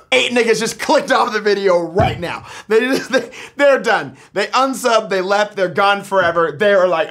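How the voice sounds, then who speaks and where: A man talking straight to camera in a casual confessional vlog, animated and profane, swinging from loud outbursts to low mutters. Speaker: YouTuber.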